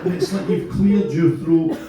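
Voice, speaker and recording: Scottish comic in his fifties, higher-pitched, deadpan and sardonic, caught from afar in a reverberant theatre with crowd laughter. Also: measured pace. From Scotland. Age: 50s. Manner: sardonic, deadpan delivery with sudden shouted punchlines. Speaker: stand-up comedian. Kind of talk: stand-up comedy set. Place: large theatre stage before a laughing crowd. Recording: echoey distant theatre audio with audience noise.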